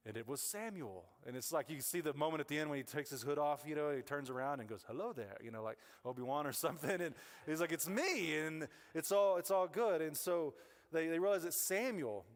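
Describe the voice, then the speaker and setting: A man's voice: fairly high pitch, fast talker. A man preaching a casual, rambling sermon as pastor, full of asides and restarts, on a wireless mic. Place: church sanctuary. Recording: church hall reverb.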